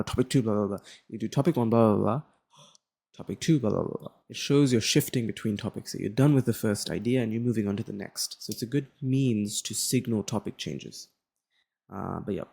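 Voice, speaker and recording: A man's voice: on the low side, vocal fry, warm tone, husky. A young Australian man with a general Australian accent, explaining a lesson as a tutor in a casual, rambling way with many fillers and restarts.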